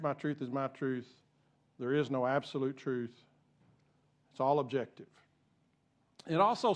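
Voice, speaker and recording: A pastor preaching a sermon to his congregation, impassioned and repeating himself as he gets fired up. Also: fairly high pitch. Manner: repeats and restarts phrases. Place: church sanctuary.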